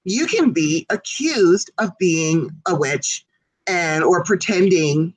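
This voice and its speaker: A woman's voice: fairly low pitch, animated, slow, breathy edge, rough recording. A woman co-hosting a casual talk show, talking at length in an emphatic, indignant way. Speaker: co-host. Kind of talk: casual chat.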